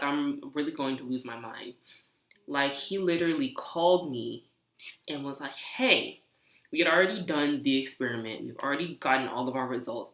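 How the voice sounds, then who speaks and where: A young woman studying engineering, telling animated, exasperated stories in a casual vlog. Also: low-pitched, echoey room. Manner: animated, exasperated, talks with hands. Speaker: engineering student vlogger.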